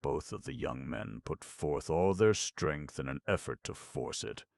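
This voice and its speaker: A man reading a classic novel aloud as an audiobook narrator, in a measured, formal storytelling manner. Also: a bass voice, expressive, vocal fry, a little mellow, no room sound, studio quality. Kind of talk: scripted narration.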